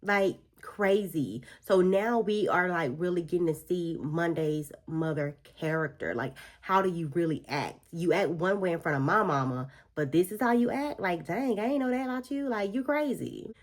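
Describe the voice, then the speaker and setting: A woman's voice: on the low side, expressive, normal speed, few pauses. A woman vlogger chatting through a book review while doing her makeup, telling the story expressively with slangy asides.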